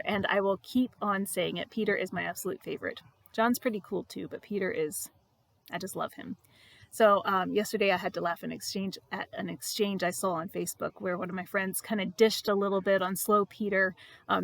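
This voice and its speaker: A woman reading her devotional blog aloud in a reflective, expressive way, with emphatic repetition. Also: mid-range voice, a little fast, vocal fry, dry recording.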